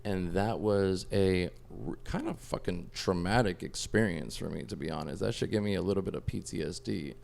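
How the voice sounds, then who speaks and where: A man's voice: deep voice, normal speed, gravelly, few pauses, a little hiss or hum. A man, a podcast guest, telling a story in casual chat, swearing freely and filling his talk with "like" and "bro". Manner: animated, profane, lots of "like" and "bro".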